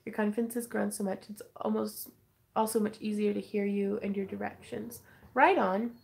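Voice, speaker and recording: A woman's voice: mid-range voice, steady tone, normal speed, vocal fry, darkish tone. A young woman hosting a casual craft livestream, reading viewer comments and chatting with giggles and fillers. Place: home craft room.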